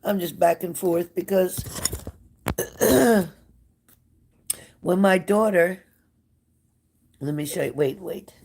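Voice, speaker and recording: A woman's voice: lowish voice, takes it slowly, vocal fry, long pauses, a little mellow, slightly rough. An older woman talks straight to her live-stream viewers in a loose, chatty way. She is emotional and scattered, jumping from one thought to the next as she gets ready to give a reading. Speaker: psychic reader hosting a live stream. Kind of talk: casual live-stream chat.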